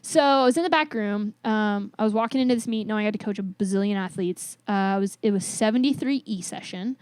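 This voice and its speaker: A woman weightlifting coach, a podcast guest, telling stories in a casual, animated way and swearing now and then. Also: mid-range voice, fast talker, smooth, no echo. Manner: animated, acts out both sides of remembered conversations, swears casually. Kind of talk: casual interview storytelling.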